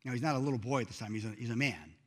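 A man preaching a sermon in a church, earnest and emphatic, rising loud then dropping soft. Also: mid-range voice, racing, slightly rough. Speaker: pastor.

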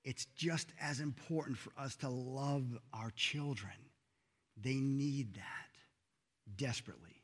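A man preaching a sermon in a church, earnest and emphatic, rising loud then dropping soft. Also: mid-range voice, slow pace. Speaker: pastor.

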